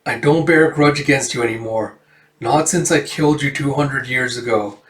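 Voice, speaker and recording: A man's voice: mid-range voice, normal speed, fairly bright tone, lightly acted. A man voicing a fierce, determined young cyborg woman fighter in an earnest, urgent way, in a comic read-through. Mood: calm. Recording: roomy echo, distant mic.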